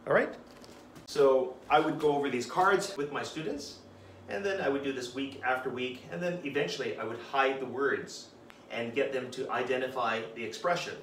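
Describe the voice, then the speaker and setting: A man who teaches English, explaining a flashcard lesson plan with clear, deliberate enunciation and a patient teaching tone, switching between English and Japanese phrases. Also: mid-range voice, a bit bright, reverberant, distant mic, a little hiss or hum.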